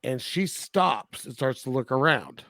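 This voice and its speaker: Guy on a movie podcast, middle pitch, dry room, retells scenes casually. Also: expressive, measured pace, vocal fry, bright, forceful tone, dry recording. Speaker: podcast co-host. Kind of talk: casual film review chat.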